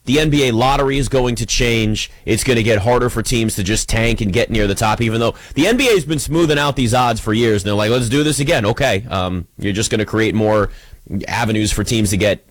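A man's voice: lowish voice, a little fast, dry recording. A man hosting a sports radio show, talking casually and rambling, often restarting his sentences while he fights off allergies and an oncoming sneeze. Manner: rambling, chatty, self-interrupting.

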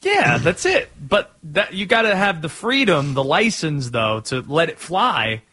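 A man's voice: fairly high pitch, sing-song, unhurried, bright, forceful tone, slightly rough. A man hosting a podcast, chatting casually and plugging the show. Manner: upbeat, wraps up with show plugs. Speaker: podcast host. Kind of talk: casual chat.

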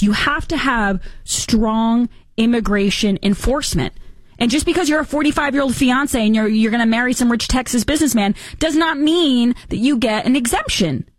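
A woman hosting opinionated political commentary, talking fast and sarcastically and mimicking other people's voices. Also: on the high side, no echo.

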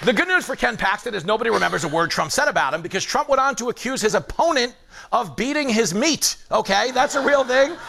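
A man's voice: very high-pitched, expressive, quick pace, vocal fry, bright, forceful tone. A man hosting a late-night comedy monologue, delivering punchy, mocking jokes and acting out little bits.

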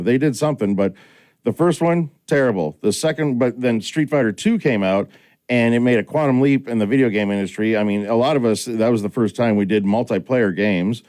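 A middle-aged man hosting a casual chat, telling stories and acting out quoted lines. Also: mid-range voice. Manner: animated storyteller, acts out quoted lines. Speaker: podcast host.

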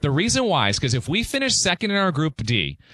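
Lively bright-voiced man explaining brackets. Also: fairly high pitch, quick pace, no room sound, clean studio sound. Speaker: co-host explaining tournament brackets. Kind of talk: casual sports talk.

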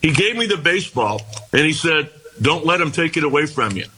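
An older man, a former baseball pitcher, telling long rambling anecdotes in a casual interview, often restarting his sentences. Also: animated, a little fast, sharp tone, breathy edge, rough recording. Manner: rambling anecdotes with repeated starts and quoted dialogue.

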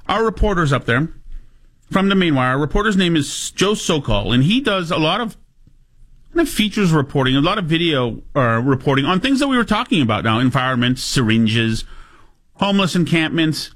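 A man's voice: fairly high pitch, fairly bright tone. Chatty, sarcastic male talk host. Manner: chatty, sarcastic, with stumbling asides. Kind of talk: casual commentary.

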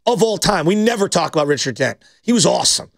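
A man's voice: high-pitched, animated, fast, gravelly, dry recording, studio quality. A man co-hosting a sports radio show, talking with eager opinions about football. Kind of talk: casual sports radio chat.

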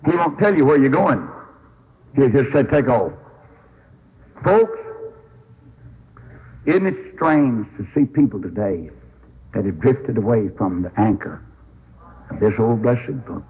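A man's voice: medium pitch, lively intonation, a little slow, long pauses, breathy edge. A man preaching an old-time revival sermon, telling Bible stories in a folksy way and acting out the voices. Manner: folksy storytelling, acts out dialogue, swings up into shouts. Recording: lo-fi radio broadcast recording.

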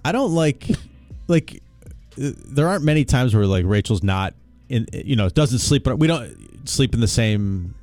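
A man co-hosting a radio show, talking casually and hesitantly, full of fillers and pauses. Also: medium pitch, lively intonation, a little mellow, no room sound, faint music behind. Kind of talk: casual studio chat.

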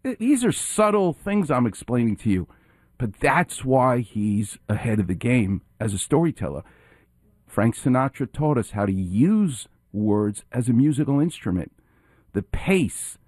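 A man's voice: medium pitch, darkish tone, no echo. An enthusiastic male radio host breaks down a clip with emphatic, explanatory commentary. His voice sits in the middle range and is recorded on a dry, close studio mic.

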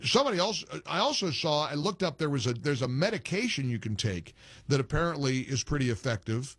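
Lively, joking talk radio host. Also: male voice, fairly high pitch, fairly quick, no echo. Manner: animated, joking and exasperated, rambling.

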